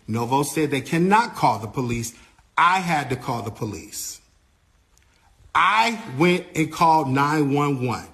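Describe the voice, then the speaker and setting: A man's voice: mid-range voice, measured pace. A man, a tour manager, recounting an incident and acting out what each person said. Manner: animated retelling, acting out others' lines.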